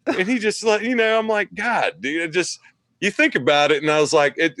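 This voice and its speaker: A man in his thirties hosting a podcast, telling a delivery story with lots of swearing and animated retellings. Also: high-pitched, brisk, no room sound. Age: 30s. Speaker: podcast host, delivery driver. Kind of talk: casual chat.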